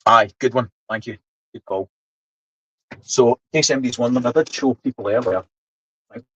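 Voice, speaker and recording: A man's voice: mid-range voice, brisk, breathy edge, no room sound, dull audio. A man in his seventies with a Scottish accent, chatting casually on a live stream, explaining things while he reads the chat. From Scotland. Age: 70s. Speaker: livestream host.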